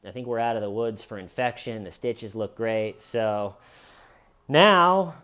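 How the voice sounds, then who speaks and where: A man's voice: a little slow, clear, resonant tone. Man retelling a story to camera. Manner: animated retelling, acting out quoted lines with higher pitch. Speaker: vlogger.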